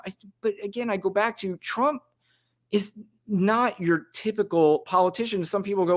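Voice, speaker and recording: A man's voice: high voice, normal speed. A man co-hosting a podcast, chatting casually about politics in a blunt, rambling way with frequent restarts. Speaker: podcast co-host.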